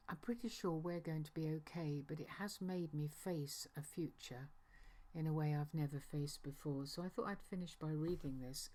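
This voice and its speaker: A woman giving a reflective talk at a church gathering, hesitant and thoughtful, with frequent pauses and restarts. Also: low voice, creaky, darkish tone.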